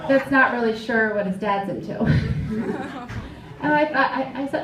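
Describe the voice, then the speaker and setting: Comediante de stand-up, voz aguda e distante. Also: female voice, a little high, unhurried, very noisy. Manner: wry, self-mocking storytelling with frequent fillers. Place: live comedy club stage. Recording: roomy, distant live club recording.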